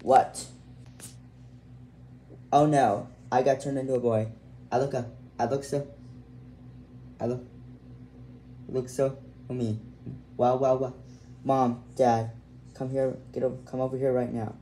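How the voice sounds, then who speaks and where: A man's voice: medium pitch, flat delivery, slow pace, pauses often, mellow, slight background noise, natural voice, poor audio. A man voicing a young girl who has been magically turned into a boy, stumbling and repeating his words in a homemade fan story. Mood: alarmed.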